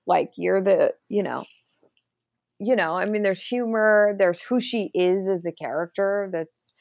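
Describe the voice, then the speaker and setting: A woman's voice: mid-range voice, a little slow, vocal fry, darkish tone, no room sound. An American woman, an actor, chatting casually as a podcast guest, rambling with many fillers. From United States. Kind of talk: casual chat.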